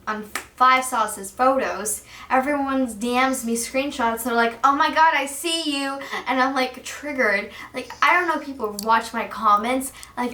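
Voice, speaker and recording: A teenage girl vlogging as an excited fan, gushing and saying "like" constantly. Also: fairly high pitch, roomy sound, recorded from a distance. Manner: gushing, giddy, says "like" constantly. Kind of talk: excited fan chat to camera.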